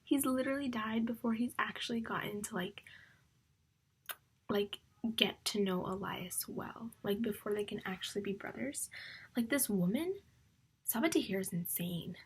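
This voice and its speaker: Husky young woman whispering and rambling. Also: medium pitch, normal speed. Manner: rambling, emotional, often whispering; filler-heavy, repeats "like". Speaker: book vlogger. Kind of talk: casual reading vlog chat.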